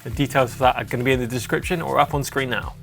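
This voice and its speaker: A man co-hosting a casual studio show, relaxed and easygoing in his banter. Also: mid-range voice, racing, gravelly, heavy background noise. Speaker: co-host.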